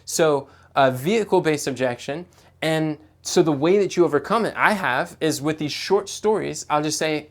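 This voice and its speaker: A man's voice: fairly high pitch, moderate pace, a bit bright. A man teaching sales technique in a live coaching talk. He stumbles and repeats words, and he acts out client dialogue.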